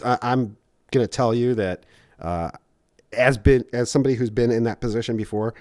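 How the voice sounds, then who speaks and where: A man's voice: mid-range voice, moderate pace, a little mellow, no echo, clean studio sound. A man hosting and mocking a replayed stream in a sarcastic, teasing way. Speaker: host commenting on a replayed stream. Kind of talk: casual mocking commentary.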